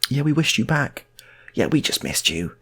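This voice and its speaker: A man voicing a bewildered wife, pitching up high and repeating himself. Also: sing-song, moderate pace, fairly bright tone, breathy edge, heavily acted. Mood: flustered. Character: shocked, bewildered wife of a middle-aged family.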